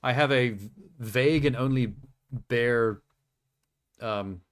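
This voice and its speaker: Talking slowly in a medium-pitched voice, a man offers laid-back live-stream commentary while playing a video game. His chat wanders into tangents, and his humor is self-deprecating.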